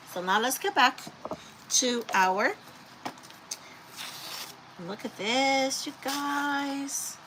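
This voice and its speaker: A chatty woman with a slightly high voice talks casually to her viewers, rambling between crafting steps. Her words come from a craft space at home, and a steady hiss of background noise runs under the whole recording. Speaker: craft livestream host. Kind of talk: casual live crafting chat.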